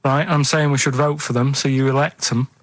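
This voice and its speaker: A man's voice: mid-range voice, little pitch movement, brisk, no room sound, poor audio. Hesitant man on a bone-dry studio mic. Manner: plodding and hesitant, keeps checking with "right?". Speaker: radio regular running a quiz segment. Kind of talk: casual radio banter. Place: radio studio.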